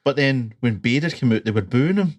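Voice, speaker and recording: A man's voice: medium pitch, lively intonation, a little fast, no echo. A Scottish man co-hosting a sports podcast, recounting things casually with quoted asides. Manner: storytelling with quoted asides, laughing. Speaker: podcast co-host. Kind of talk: casual chat.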